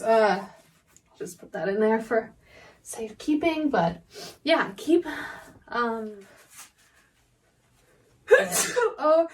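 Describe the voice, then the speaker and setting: A woman in a sneezing fit, talking haltingly and apologizing between coughs and sneezes. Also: fairly high pitch, far from the mic. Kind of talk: sneeze fetish role-play.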